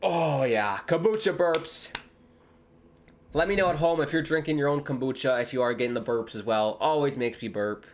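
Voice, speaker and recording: A young American man, a streamer commentating live on a football match with viewers, bursting into loud exclamations at big moments. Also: mid-range voice, fairly quick, hardly any pauses, a little hiss or hum. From United States. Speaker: watchalong streamer.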